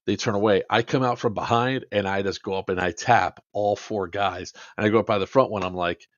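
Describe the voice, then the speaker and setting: A man's voice: fairly low pitch, steady tone, quick pace, few pauses, no echo, highs cut off. A man hosting a podcast, casually and animatedly recounting an airsoft game, swearing and acting out the quotes with plenty of fillers. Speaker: podcast host.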